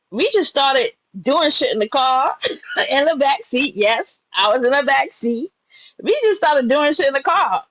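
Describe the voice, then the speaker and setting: A young woman from New York telling a personal story in a casual, profane, animated way, laughing as she goes. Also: sits high, no room sound, poor audio.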